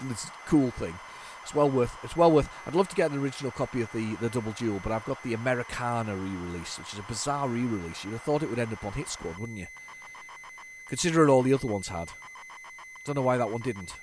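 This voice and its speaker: A man's voice: mid-range voice, noisy background. A man hosting a retro gaming video, chatting casually to viewers as he rambles, stumbles and restarts his sentences. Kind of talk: casual running commentary.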